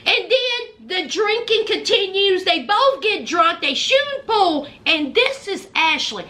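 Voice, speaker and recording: A woman with an extremely high, bright, pushed voice speaks slowly with big swings in pitch. She gives a blunt, mocking recap of a reality TV episode, addressing the people she discusses directly and acting out their quoted lines in put-on voices.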